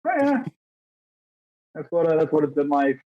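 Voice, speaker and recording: A thirty-year-old man co-hosts a podcast, chatting in a rambling, self-deprecating way and acting out little exchanges. His voice sits on the high side and is very animated, at a normal speed. The recording has a dull, dry lo-fi sound.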